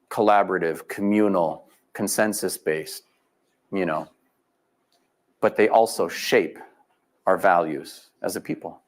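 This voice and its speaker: Man telling stories at a lecture. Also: lowish voice. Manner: folksy storytelling, voices quoted people. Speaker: guest speaker. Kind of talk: storytelling lecture. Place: live event venue.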